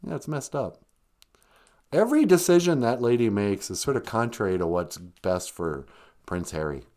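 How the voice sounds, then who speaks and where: A man's voice: fairly low pitch, very animated, moderate pace, a little mellow. A man hosting a live-stream podcast, rambling through a sarcastic, mock-grumpy comedic rant. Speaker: podcast host.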